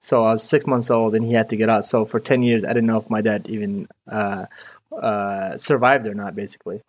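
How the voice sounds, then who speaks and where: A man's voice: on the low side, fairly even intonation, brisk. A young man from Iraq, a mechanic guest chatting casually in an interview, rambling and peppering his talk with "dude" and "you know".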